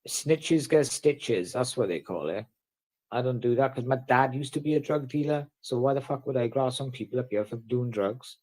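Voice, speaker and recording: A man's voice: mid-range voice, a little fast, darkish tone. A man from the in a casual vlog, ranting bluntly and swearing heavily. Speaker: vlogger.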